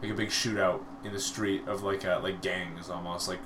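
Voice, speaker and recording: A man's voice: sits low, level tone, normal speed, roomy sound, noisy background. A man co-hosting a casual movie podcast, joking and swearing and often laughing. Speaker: podcast co-host.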